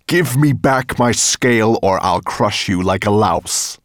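A man's voice: fairly low pitch, huge pitch swings, slow pace, creaky, a little mellow, no echo, clean studio sound, voice pushed up, exaggerated voice. A man voicing a huge, menacing male dragon who growls and snarls his demands in a storybook reading. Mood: furious.

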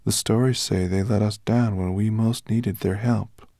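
A man reading an audiobook, voicing a wary, lonely female silver dragon with a hoarse voice. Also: on the low side, fairly even intonation, measured pace, dark tone, no room sound, clean studio sound. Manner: uncertain, then earnest and pleading.

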